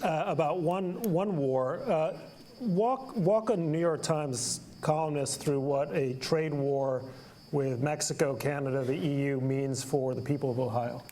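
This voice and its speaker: A man moderating an onstage conversation, asking halting questions. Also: a little high, warm tone.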